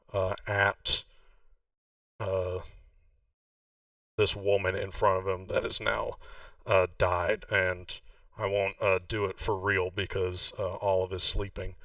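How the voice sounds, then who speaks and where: A man's voice: on the low side, fairly bright tone, dry recording. A man narrating a tabletop game as game master, rambling with many fillers. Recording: distant muffled mic.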